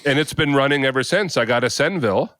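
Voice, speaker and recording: A man's voice: medium pitch, lively intonation, quick pace, fairly bright tone, dry recording. A man co-hosting a casual podcast chat, telling a rambling story with lots of restarts. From Canada. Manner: rambling, self-interrupting storyteller. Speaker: podcast co-host.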